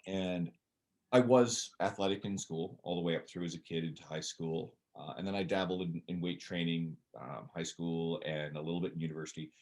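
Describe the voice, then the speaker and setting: Low-pitched and darkish, this man's voice holds a steady tone while running a bit fast. He's a Newfoundland personal trainer in his forties, a podcast guest with a Canadian accent who talks in an animated, blunt way in casual conversation.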